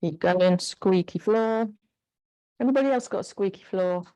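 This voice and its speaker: A woman's voice: mid-range voice, moderate pace, warm tone. A woman instructor leading a live online exercise class, cueing moves in a chatty, encouraging way on a clip-on mic. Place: home room with a squeaky floor. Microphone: clip-on mic pack.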